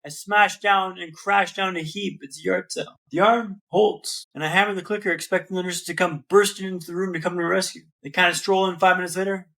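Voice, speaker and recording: A man's voice: sits high, steady tone, a little fast, creaky, few pauses, sharp tone. A man, a podcast guest telling a dramatic personal story with a vivid, rhythmic build and repeated phrases.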